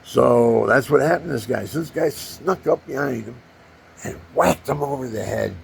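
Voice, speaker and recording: An older man tells rambling personal stories in a deeply gravelly voice. He gets animated as he goes and acts out the punches with his own sound effects. A faint hiss sits behind him. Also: moderate pace. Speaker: storyteller.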